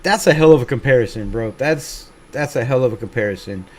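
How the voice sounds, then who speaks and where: This man runs a fan livestream, casually chatting and reading viewers' comments with laid-back, self-mocking humor and plenty of swearing. His voice is mid-range and a little mellow, and his pace is brisk.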